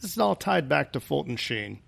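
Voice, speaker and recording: A man chats on a podcast in a folksy way, leading into his points like little stories. His voice has a gravelly fry, and the recording is dry and close, with no room sound. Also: on the high side, sing-song, brisk, a bit bright, no echo. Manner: folksy, storytelling. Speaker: podcast guest. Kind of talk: casual panel chat.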